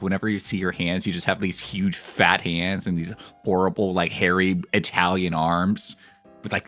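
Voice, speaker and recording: A man's voice: low voice, a bit bright. A man streaming a cooking game, chatting casually and making crude, rambling jokes with lots of fillers. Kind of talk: casual gameplay commentary.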